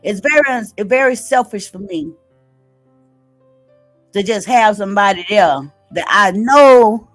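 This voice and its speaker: A woman's voice: mid-range voice, lively intonation, unhurried, pauses often, faint music behind. A woman hosting a live stream, reading daily affirmations aloud and chatting casually, often asking "right?". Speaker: livestream host.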